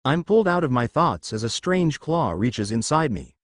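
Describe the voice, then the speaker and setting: A man's voice: medium pitch, sing-song, normal speed, no echo, studio quality. A man narrating a first-person fan fiction story and reading every character's lines in his own voice. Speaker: fanfiction narrator.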